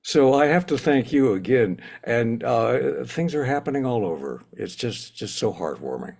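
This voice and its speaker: A man's voice: mid-range voice, big pitch swings, normal speed, gravelly, a little mellow. An older man speaking enthusiastically in a casual ceremony talk, telling stories and laughing often. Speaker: honorary president of the institute.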